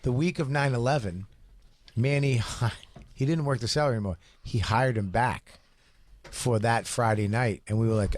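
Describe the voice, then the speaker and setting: A man's voice: mid-range voice, moderate pace, slight background noise. A man co-hosting a radio talk show, telling stories and teasing guests in casual chat. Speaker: co-host.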